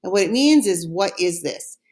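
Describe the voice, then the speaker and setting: A woman teaching a recorded French lesson, modeling words slowly and clearly for listeners to repeat after her. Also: mid-range voice, expressive, darkish tone.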